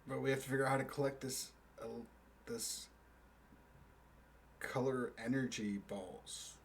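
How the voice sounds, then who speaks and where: Man, mid voice, tabletop player, quick, quizzical, faint room noise. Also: mid-range voice, fairly even intonation, gravelly. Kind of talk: tabletop role-play chat.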